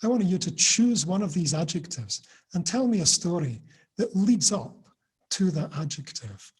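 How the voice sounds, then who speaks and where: A man from Britain giving a lively online talk to teachers, often laughing and acting out quoted lines. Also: fairly high pitch, husky. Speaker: teacher trainer. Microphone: video call.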